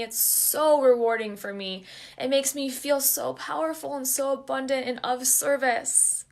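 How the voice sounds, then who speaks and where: A woman talking casually and earnestly to her viewers, chatty and emphatic, at times openly emotional. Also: fairly high pitch. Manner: gets openly emotional and laughs while talking. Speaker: online empath coach and group leader. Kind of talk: casual direct-to-camera talk to viewers.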